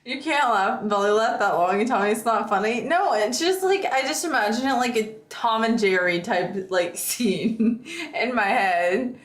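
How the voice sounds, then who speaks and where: A woman's voice: a little high, moderate pace. A young adult woman on a stream, chatting casually with plenty of laughing, slang and filler words. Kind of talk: casual chat. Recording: echoey room.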